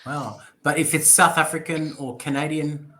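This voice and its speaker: A man's voice: on the high side, steady tone, moderate pace, crowd noise. A man teaching English over a video call, playful and encouraging, joking as he coaches pronunciation. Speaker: English tutor. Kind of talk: casual online lesson.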